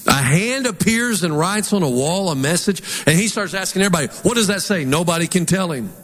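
A pastor with a Southern twang preaching a sermon in an animated, folksy way, putting on mock voices. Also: male voice, sits high, brisk. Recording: long hall reverb.

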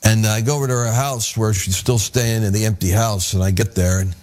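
A man's voice: lowish voice, a little fast. A man in an interview, earnestly telling his conversion story and acting out the dialogue as he goes. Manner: earnest, animated storyteller who acts out the dialogue. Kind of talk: conversational testimony.

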